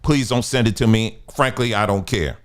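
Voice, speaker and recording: A man's voice: on the low side, moderate pace. A man giving a ranting commentary monologue, firing off rhetorical questions and stumbling over repeated words as he pushes his point. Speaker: online commentator.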